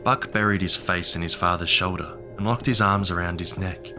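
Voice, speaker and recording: Low-voiced male horror narrator. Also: fairly even intonation. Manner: measured, ominous storytelling. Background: music.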